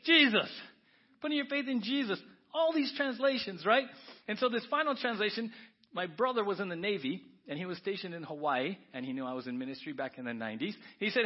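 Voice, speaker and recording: A male pastor preaching a sermon, animated, swinging between soft asides and loud exclamations. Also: sits high, brisk, muffled recording.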